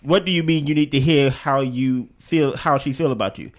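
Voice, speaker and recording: A man co-hosting a casual show recap, animated and joking, often asking "you get what I'm saying". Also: medium pitch, normal speed. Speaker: co-host.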